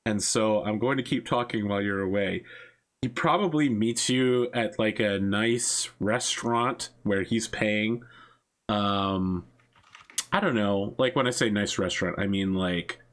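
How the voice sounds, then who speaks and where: A man's voice: fairly low pitch, unhurried. A young man running a tabletop role-playing game as game master, talking in a rambling, casual way and laughing often.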